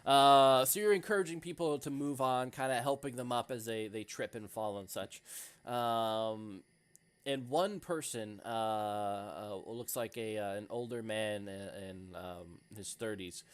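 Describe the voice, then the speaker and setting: A man narrating as game master in a relaxed, easygoing way, full of ums and uhs. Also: fairly low pitch, a little slow, smooth. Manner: relaxed, many fillers, laughs often.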